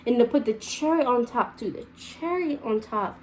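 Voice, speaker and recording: A young woman tells a personal story to her viewers in a loose, rambling way. She often circles back and restarts sentences. Her voice sits a little high. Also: animated, moderate pace, darkish tone, slight background noise, low-quality recording. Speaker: vlogger. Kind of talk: casual storytime.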